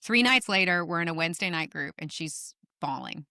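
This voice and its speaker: Brief: middle-aged woman, podcast guest, bright forceful tone, lower pitch, animated storyteller. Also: brisk, no room sound, clean studio sound. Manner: animated, emphatic storyteller, swears casually. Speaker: guest author. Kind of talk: podcast conversation.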